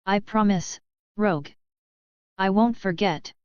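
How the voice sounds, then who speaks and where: A woman voicing a resolute but grieving young heroine who speaks softly. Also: mid-range voice, slow, clean tone, no echo, lightly acted. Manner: soft, trembling. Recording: dull, dry sound.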